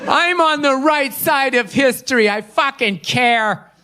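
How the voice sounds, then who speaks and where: A man's voice: extremely high pitch, unhurried, pushed and bright, a little hiss or hum. A man performing a profane, mocking stand-up comedy rant at a live show. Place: live comedy venue with audience.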